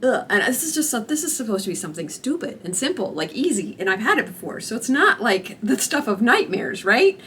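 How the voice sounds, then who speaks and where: Bright-voiced young woman telling a story. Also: a little high, brisk, few pauses, slight background noise. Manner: animated, expressive retelling with acted-out quotes and laughter. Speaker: vlogger. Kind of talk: candid storytelling to camera.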